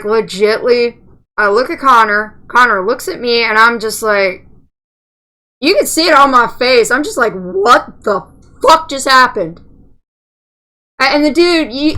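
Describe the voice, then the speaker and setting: A woman's voice: on the high side, sharp tone. A woman telling a story in a profane, chatty way while playing a game. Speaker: let's play gamer. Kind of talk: casual storytelling while gaming.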